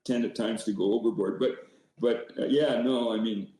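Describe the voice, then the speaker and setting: A man's voice: on the low side, steady tone, normal speed, mellow, very echoey, poor audio. An older man, a former hockey coach, telling rambling stories as a podcast guest with many restarts. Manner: rambling, self-deprecating, frequent restarts. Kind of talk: casual storytelling.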